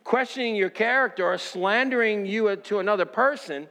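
A pastor preaching a sermon in a fairly high voice, recorded with a long reverb that rings through the hall. He poses rhetorical questions to his listeners and shifts between fervent exhortation and soft, reflective storytelling. The sound stays roomy and live throughout. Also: normal speed. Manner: preaching with rising intensity, then quiet reflective storytelling.

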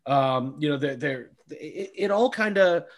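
A man's voice: on the high side, lively intonation, measured pace. A man co-hosting a podcast, talking about films in a casual, enthusiastic way, swearing freely and restarting his sentences. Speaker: podcast co-host. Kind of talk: casual movie chat.

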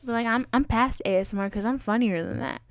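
A fairly high-pitched woman chats quickly on her solo podcast, rambling, teasing herself, and scattering fillers throughout. The sound is clean studio quality with no echo.

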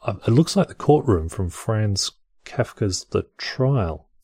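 A man's voice: on the low side, animated, takes it slowly, warm tone, husky, dry recording. A man hosting a show where he reads encyclopedia articles aloud, breaking off into dry, wry and mildly profane comedic asides. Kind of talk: casual reading with offhand comedic asides.

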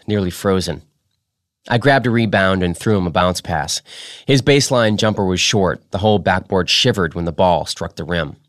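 Deep-voiced man reading a story. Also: dry recording, clean studio sound. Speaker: podcast host. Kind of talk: reading fiction aloud.

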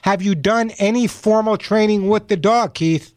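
A man's voice: sits high, normal speed, a little mellow, no echo. A man hosting a call-in radio show about pets, giving emphatic advice and repeating his points. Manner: emphatic, repeats points, puts on dog voices for jokes. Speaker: radio pet show host.

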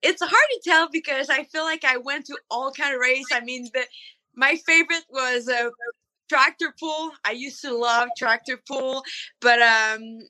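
Woman, French accent, interview guest, hesitant with fillers, bright voice, dry sound. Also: high voice, measured pace, no room sound, poor audio. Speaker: guest, monster truck driver. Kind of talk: radio interview.

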